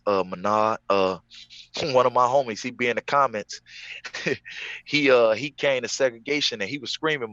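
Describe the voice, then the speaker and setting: A man's voice: medium pitch, bright, forceful tone, dry recording, lo-fi sound. Man with a mid-range voice telling prison stories, emphatic, dry close recording. Casual interview guest. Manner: emphatic, repeats phrases. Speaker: former prisoner telling his story.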